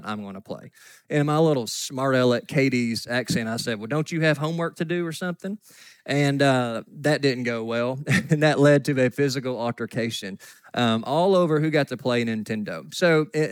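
A man's voice: mid-range voice, no echo. A man in his forties preaching a sermon in a church, folksy and joking as he tells stories. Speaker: pastor. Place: church sanctuary.

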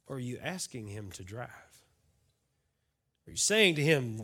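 A male pastor preaching a sermon, folksy and full of questions to the congregation, swinging from loud declarations to hushed, quiet lines. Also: mid-range voice, big pitch swings, unhurried.

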